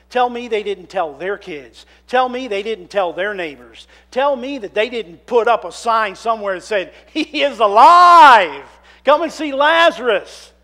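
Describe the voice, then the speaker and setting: High-voiced preacher, hushed to loud. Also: male voice. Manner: dramatic shifts between hushed scripture reading and loud animated storytelling. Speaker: minister. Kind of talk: sermon reading and preaching. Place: church sanctuary.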